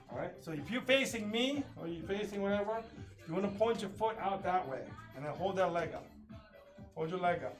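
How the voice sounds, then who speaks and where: A man teaching a live online taekwondo class, calling kick counts and drills with sharp shouts. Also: sits high, distant mic. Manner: coaching commands, loud kiai shouts. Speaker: taekwondo instructor. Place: training studio.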